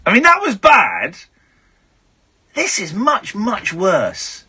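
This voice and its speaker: A bright, lively man hosts late-night radio, his voice bouncing up and down as he jokes. The tone is rough and husky. Irreverent banter at a studio mic. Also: sits high, slow. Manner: jokey, irreverent, animated. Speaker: radio host. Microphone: studio microphone.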